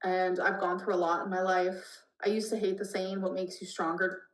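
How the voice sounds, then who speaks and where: A woman's voice: lowish voice, level tone, normal speed. A woman answering viewer questions in a casual vlog, plain and matter-of-fact. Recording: roomy echoing clip.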